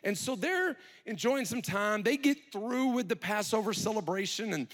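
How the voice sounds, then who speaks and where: A man's voice: high voice, animated, normal speed, fairly bright tone. A middle-aged male pastor preaching a sermon in a conversational, storytelling way, full of rhetorical questions.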